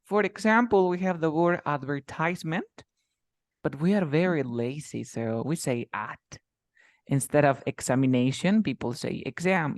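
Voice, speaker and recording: A man's voice: fairly high pitch, no room sound, clean studio sound. A man whose first language is Spanish, teaching an English lesson in a casual style and explaining with many examples and repetitions.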